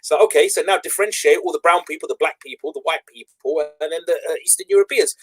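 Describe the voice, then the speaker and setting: A man's voice: fairly high pitch, fast talker, slightly rough, poor audio. A man in a casual panel chat, making his point earnestly and repeating words as he builds it. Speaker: panel guest.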